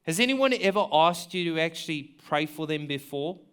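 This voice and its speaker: A man's voice: a little high, animated, normal speed, fairly bright tone, clear, resonant tone. A man preaching a sermon in an earnest, conversational way, asking listeners questions and often repeating words as he thinks aloud. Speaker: pastor.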